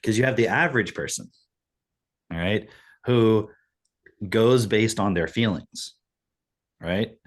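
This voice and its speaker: Low-voiced guy on a podcast, swears a lot, rambles. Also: slow, long pauses. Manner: blunt, profane, rambling. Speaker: podcast co-host. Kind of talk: casual podcast chat.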